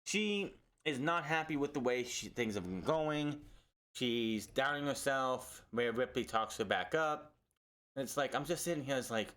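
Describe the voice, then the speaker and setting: A man reviewing a wrestling show in a casual, exasperated, sarcastic rant full of restarts. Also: mid-range voice.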